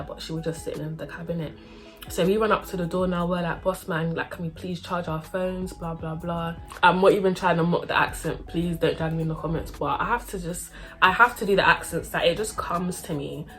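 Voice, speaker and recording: A young woman tells a story in a casual, slangy way. Her voice sits lowish, and she acts out everyone she talks about. Faint music plays underneath. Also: fairly even intonation, fast talker, a bit bright.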